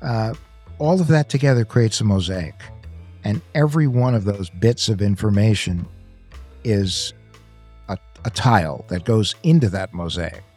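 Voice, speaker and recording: A man co-hosting a podcast, explaining things in a measured, casual way. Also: on the low side, animated, darkish tone, slightly rough, soft background music. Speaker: podcast co-host. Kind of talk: casual chat.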